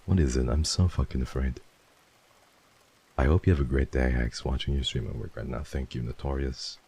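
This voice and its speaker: A man chatting playfully on a livestream, teasing viewers and swearing freely as he reads donations, jumping between loud bursts and hushed murmurs. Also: a bass voice, fairly even intonation, moderate pace, husky. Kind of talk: casual livestream chat, reading donations.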